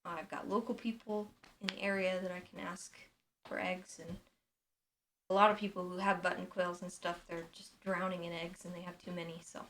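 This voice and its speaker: A woman in her late twenties chatting casually on a live stream at home into a boom microphone, relaxed and full of ums. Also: moderate pace, slight background noise. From United States. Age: late 20s.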